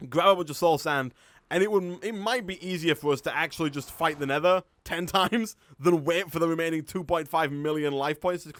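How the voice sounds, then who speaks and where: Chatty Yorkshire man, fairly high voice. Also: a bit bright, no echo. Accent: Yorkshire English. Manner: chatty, thinks aloud, laughs often. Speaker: gaming streamer. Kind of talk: live-stream gameplay commentary.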